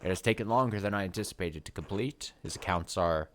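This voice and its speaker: A man voicing a polite male Italian merchant in a game, reading his lines in a measured way. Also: low-pitched, a bit bright, slight background noise.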